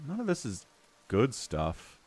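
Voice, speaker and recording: A man's voice: medium pitch, wildly swooping pitch, slow pace, a little mellow. A man streaming a role-playing game, chatting casually and reading the game text aloud. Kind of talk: casual gameplay commentary.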